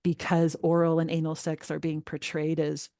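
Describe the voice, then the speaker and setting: A middle-aged woman guest on a parenting interview, speaking earnestly and emphatically, growing animated when upset. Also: sits low, normal speed, no echo, studio quality. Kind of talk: podcast interview.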